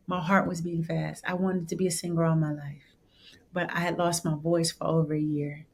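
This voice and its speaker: A woman in her thirties from Michigan, a gospel singer telling a story as an interview guest and acting out the people she quotes. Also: a little fast. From Saginaw, Michigan, USA. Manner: lively storyteller who acts out the people she quotes in high voices. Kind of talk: animated storytelling in conversation.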